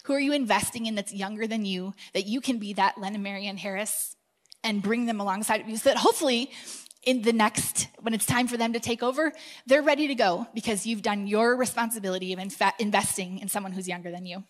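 A woman's voice: mid-range voice, quick pace. A woman speaking earnestly to a church congregation, encouraging them to mentor younger people. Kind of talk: sermon.

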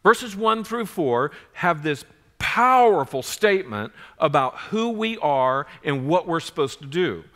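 A man in his forties delivers a sermon with earnest conviction, rising louder as he presses his points. His voice sits a little high for a man. A long echo trails each phrase through the church sanctuary. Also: big pitch swings, a little slow. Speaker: pastor.

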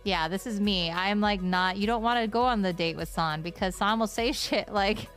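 A woman's voice: medium pitch, normal speed, a bit bright, soft background music. A woman streamer chatting casually to her viewers, giggly and rambling. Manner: giggly, rambling, talks to chat.

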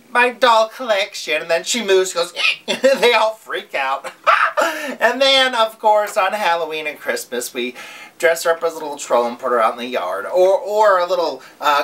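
A woman's voice: mid-range voice, fairly bright tone, slight background noise, natural voice. A woman playing a brash, giggly, crude small-town news host in a comedy sketch.

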